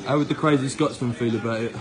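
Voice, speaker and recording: A man's voice: mid-range voice, steady tone, quick pace, a crowd in the background. A man setting up the jokes in a comedy sketch, teasing and laughing. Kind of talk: casual prank comedy.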